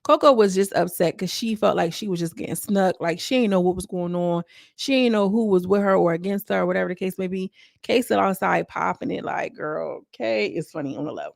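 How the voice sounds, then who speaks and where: A woman's voice: fairly low pitch, a little fast, vocal fry, a little mellow, no echo, studio quality. A young woman recapping a reality TV episode in a chatty, slang-filled way, acting out what people said. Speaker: reality TV reviewer.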